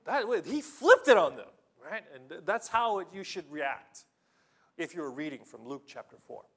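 A male pastor preaching a sermon, telling the story with animated swings between loud exclamations and hushed tones, often filling with "you know". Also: on the high side, moderate pace, slightly rough. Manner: fills with "you know" and restarts.

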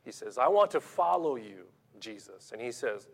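A man preaching a sermon, emphatic and rhetorical, swinging between loud stresses and quiet asides. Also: medium pitch, sing-song, normal speed, gravelly.

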